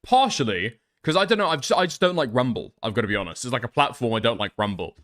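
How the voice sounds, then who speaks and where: A man's voice: medium pitch, expressive, quick pace, fairly bright tone. A man streaming casual commentary on online drama, sarcastic and profane, reading messages aloud.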